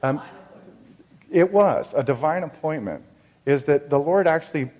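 A man's voice: a little high, animated, a little mellow, long reverb tail. Earnest man telling a faith story. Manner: earnest, reflective, with many halting restarts.

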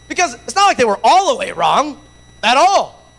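A man from Latin America preaching a sermon with passion, rising to shouts and acting out the voices of others. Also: very high-pitched, big pitch swings, normal speed, creaky, low-quality recording.

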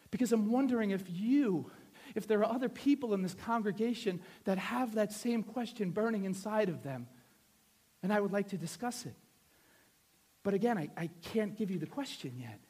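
A man preaching a sermon to a congregation, moving between quiet asides and loud, fervent prayer. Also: high-pitched, husky. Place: church hall before a congregation.

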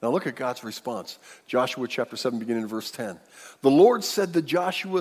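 A man preaching a sermon, acting out the quotes dramatically with big swings between loud and hushed. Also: medium pitch, animated, brisk, husky. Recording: long hall reverb.

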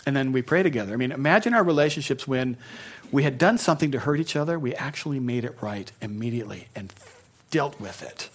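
Preaching at a fast pace, this pastor keeps his sermon casual and conversational, stopping for jokey tangents. His husky voice sits at an ordinary middle pitch.

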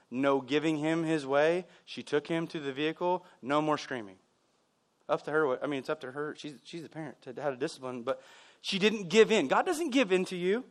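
A pastor delivers a sermon in a high voice. He keeps it conversational and animated, drifting into stories and quick asides to the congregation.

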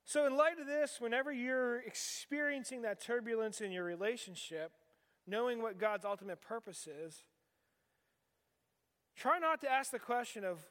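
A pastor in his forties from western Pennsylvania preaches in a conversational manner, tossing rhetorical questions to the congregation. His voice is extremely high, clean, and a bit bright, at a normal pace, and a large hall gives it a long reverb.

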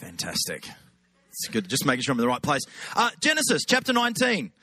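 A man's voice: mid-range voice, wildly swooping pitch, fast talker, pushed and bright, slight background noise. A middle-aged Australian man giving a chatty, humorous sermon as a guest preacher. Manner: humorous, conversational, chatty asides.

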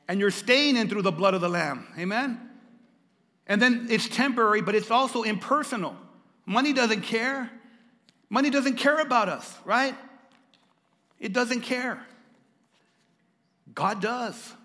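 A man's voice: high voice, moderate pace, pauses often, bright, forceful tone, in a large hall. A male pastor preaching a sermon, dramatic and repeating lines for emphasis as he calls out to the congregation. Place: church.

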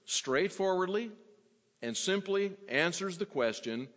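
A man delivers an expository sermon in a slightly high, lively voice. He teaches at a measured pace and acts out the quoted questions with changing inflection. The sound is dull, with a long reverb from the hall. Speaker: preacher.

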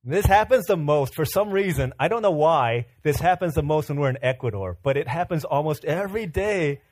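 A pastor giving a sermon, telling humorous self-mocking stories with animation, then turning earnest and quieter as he exhorts. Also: fairly high pitch, lively intonation, a little fast, dry recording.

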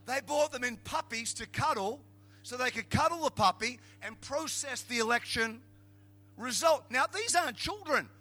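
This middle-aged Australian pastor has an extremely high pitch as he gives a humorous sermon. Lively and full of jokey stories, he builds to loud, emphatic shouts.

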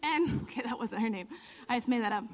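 A woman in her thirties giving a lively storytelling sermon, laughing often and acting out the lines she quotes. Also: a little high, quick pace. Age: 30s. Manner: animated, laughing storyteller who acts out quotes. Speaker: church speaker.

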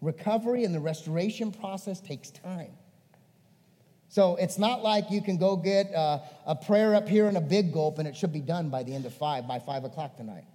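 A male pastor preaching a sermon, swinging between emphatic and hushed. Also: a little high, moderate pace, long reverb tail.

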